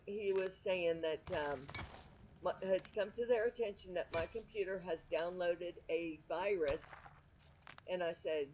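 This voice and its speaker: A woman's voice: on the low side, normal speed, darkish tone, slight background noise, low-quality recording. A middle-aged woman streaming from home, chatting candidly and rambling with frequent restarts. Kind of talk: casual chat.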